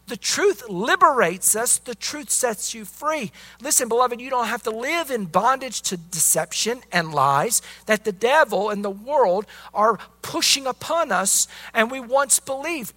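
A bright, forceful man delivers a sermon with fervent emphasis. He keeps punctuating his points with calls to listen and bursts of praise. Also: extremely high pitch. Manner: emphatic, with repeated "listen" and "praise God" interjections. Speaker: preacher.

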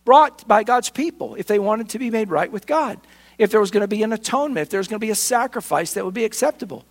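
A pastor preaching a sermon, retelling scripture with acted dialogue and emphatic repetition. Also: male voice, sits high, fast.

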